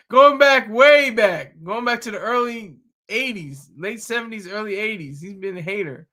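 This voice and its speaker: A man in casual chat who talks excitably and often stumbles into restarts and repeated words. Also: high-pitched, a little slow.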